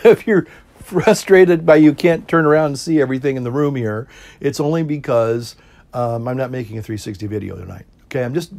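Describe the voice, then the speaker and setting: A middle-aged man, a priest, chatting casually to camera in a relaxed, rambling way, chuckling often and pausing to puff on his pipe. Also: medium pitch. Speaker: priest and pipe-smoking video host.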